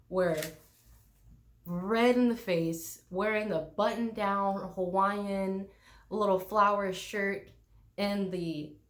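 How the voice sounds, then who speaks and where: A young woman from the United States, a travel vlogger, ranting bluntly and swearing freely, mocking people with put-on voices. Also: medium pitch. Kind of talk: casual ranting vlog.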